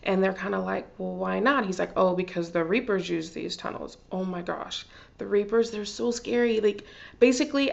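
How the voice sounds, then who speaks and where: A woman chatting excitedly through a TV episode recap, full of fillers and gushing asides. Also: mid-range voice, creaky, muffled recording. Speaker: TV recap vlogger. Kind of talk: casual TV recap.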